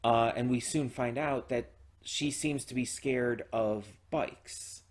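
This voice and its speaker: A man's voice: mid-range voice, slow pace. A man hosting his own channel, talking casually and enthusiastically with lots of fillers, restarts and swearing. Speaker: reaction channel host. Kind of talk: casual solo commentary.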